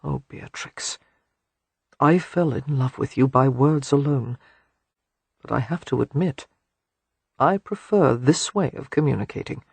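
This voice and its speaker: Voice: measured pace, creaky, long pauses, slightly rough, no room sound. A narrator murmuring as a tender seductive lover. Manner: soft, murmured, low delivery.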